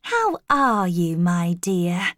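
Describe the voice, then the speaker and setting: Woman doing an old housekeeper, kind and gentle, slow, raised pitch, dry close sound. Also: big pitch swings, dry recording, heavily acted. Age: older. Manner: gentle, slow and warm-hearted. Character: older kindly grey-haired housekeeper woman. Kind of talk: storybook reading.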